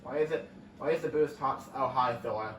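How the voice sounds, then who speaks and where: Here a young man hosting a gaming channel chats and rambles over a game, reacting to the gameplay in a casual let's-play. His medium-pitched voice is brisk and a bit bright, with faint music behind and a roomy, distant mic sound with faint ambience.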